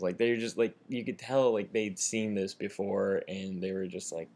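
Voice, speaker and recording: A young American man talks straight into his own camera, rambling through a story with lots of fillers. His voice sits a little low, and he acts out the people in it as he goes. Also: fairly quick, hardly any pauses. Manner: rambling, animated retelling with many fillers. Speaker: vlogger. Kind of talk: casual storytelling. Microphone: camera mic, self-filmed.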